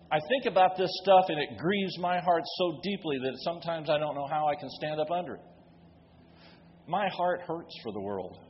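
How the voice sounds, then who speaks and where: A man's voice: a little high, slight background noise. A man preaching a sermon from the pulpit, building force with emphatic rhetorical questions. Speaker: pastor. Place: church sanctuary. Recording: dull recording with long hall reverb.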